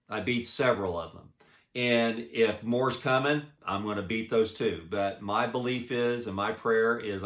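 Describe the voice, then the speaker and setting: Earnest man in an echoey room. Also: fairly low pitch. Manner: earnest, halting, with many restarts; swings between soft and emphatic. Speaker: motivational speaker. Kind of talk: personal inspirational talk.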